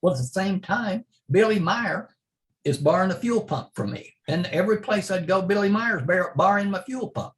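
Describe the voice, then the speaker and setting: Brief: older male guest from Oklahoma, slightly higher voice, folksy rambling storyteller who chuckles through his anecdotes. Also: lively intonation, normal speed. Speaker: interview guest, retired drag racer. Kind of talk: casual storytelling.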